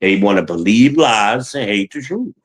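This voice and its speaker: A man's voice: lowish voice, expressive, moderate pace, poor audio. A man giving blunt, profane relationship advice in a heated livestream rant, talking to his chat.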